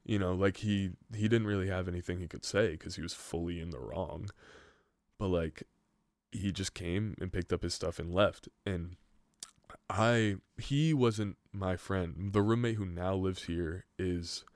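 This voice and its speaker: Young guy podcast host, super deep voice, rambling cussing story, lots of "like", dry close sound. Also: measured pace, darkish tone, no room sound. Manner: rambling, profane, heavy use of "like". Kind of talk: casual storytelling chat.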